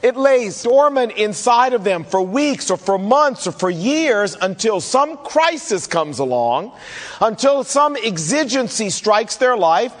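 High-voiced preacher in a reverberant hall. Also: male voice, sing-song, a little slow. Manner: conversational preaching, acts out listeners' questions. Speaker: pastor. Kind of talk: sermon.

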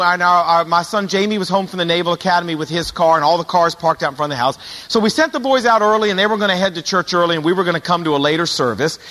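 A man's voice: high-pitched, pushed and bright, long reverb tail. A middle-aged male pastor telling stories in a sermon, animatedly acting out the voices of the people in them. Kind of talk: sermon storytelling.

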